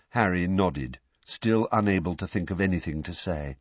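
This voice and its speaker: Husky-voiced man reading a story. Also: low-pitched, normal speed, hardly any pauses, dry recording. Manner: expressive storytelling with many character voices. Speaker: audiobook narrator. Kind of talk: scripted narration. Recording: dull lo-fi recording.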